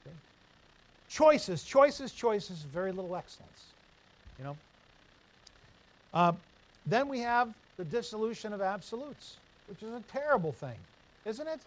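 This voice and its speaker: A man's voice: high-pitched, moderate pace, pauses often, poor audio. A male pastor preaching a sermon, telling stories and asking rhetorical questions. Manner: storytelling, animated, asks the room rhetorical questions.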